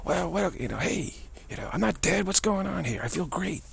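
A swaggering, self-praising blowhard, as a man puts him on, pitched well above his own voice. The tone is extremely gravelly, and raspy to the point of sounding worn. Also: lively intonation, normal speed, no echo, full character voice. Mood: boastful. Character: brash boastful impression of a male politician.

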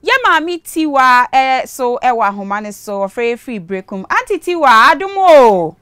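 Smooth, dry-sounding Ghanaian woman host. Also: high-pitched, very animated, normal speed, a bit bright, no room sound. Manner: reads viewer messages aloud, blessing each sender. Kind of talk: church call-in show hosting.

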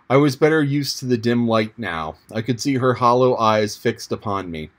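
A man reading an audiobook chapter in a measured, descriptive manner. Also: mid-range voice, animated. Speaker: audiobook narrator. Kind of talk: audiobook narration.

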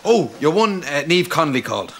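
An actor playing a dim, innocent young Irish priest who blurts things out simply. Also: male voice, fairly high pitch, sing-song, brisk. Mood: cheerful. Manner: naive, blurting, simple-minded. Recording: noisy TV sitcom audio.

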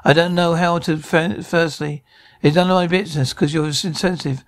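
Gravelly man bickering through a sitcom scene. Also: on the high side, steady tone, normal speed. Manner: bickering, flustered comic delivery with stammers and restarts. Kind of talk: one-man reenactment of a sitcom scene, voicing every part.

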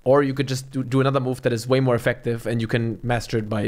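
A man's voice: medium pitch, flat delivery, fast, noisy background. A man doing casual reaction commentary in a blunt, scornful way, swearing freely. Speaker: reaction streamer.

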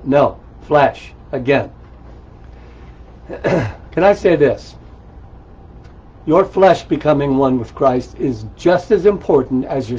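Husky conversational male preacher. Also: medium pitch. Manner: conversational and animated, with asides and rhetorical questions. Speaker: pastor. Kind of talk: sermon. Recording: dull lo-fi recording.

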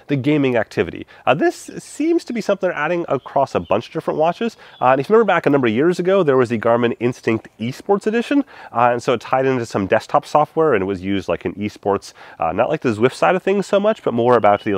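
A man's voice: medium pitch, no echo. A man with a stuffed-up, congested voice, giving a casual walkthrough of a product as a tech reviewer. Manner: quick, animated explainer with casual fillers.

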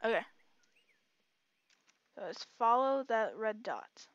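A woman giving casual, excitable let's-play commentary, chatting to herself and her audience as she plays. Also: fairly high pitch, slow, dull audio. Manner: excitable, chatty, talks to herself while playing. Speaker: gaming channel host.

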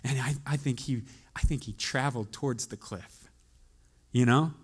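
Preaching as a pastor, a man shifts from quiet, reflective storytelling to loud, urgent appeals to his congregation. His voice is husky and medium-pitched, and he keeps a moderate pace.

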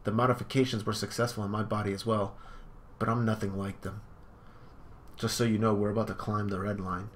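A man's voice: on the low side, level tone, a little fast, a little hiss or hum, lightly acted. Aloof older sister, read by a man. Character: cool aloof older sister, matter-of-fact.

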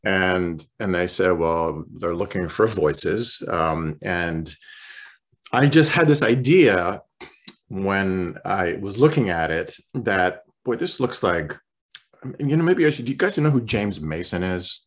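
A male voice actor chatting as an interview guest, relaxed and rambling, often clearing his throat. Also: low voice, slow. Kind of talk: casual interview chat.

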